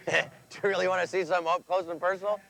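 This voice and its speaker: A man's voice: high-pitched, steady tone, fast, gravelly, fairly bright tone, poor audio. A man hosting a comedy festival promo on location, wisecracking and playful. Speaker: host.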